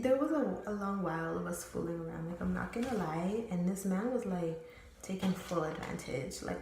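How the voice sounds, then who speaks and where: A young woman recounts a personal story in a candid, rambling way, heavy on fillers and casual swearing. Her voice sits a little low for a woman. The recording bounces around a very echoey room, with a faint hiss underneath. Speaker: storytime vlogger.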